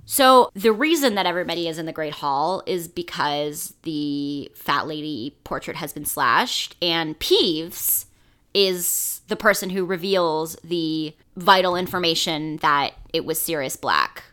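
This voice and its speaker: Woman podcast co-host, casual chat, bright voice, fairly low pitch, blunt. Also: a little slow, smooth. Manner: blunt, opinionated, swears.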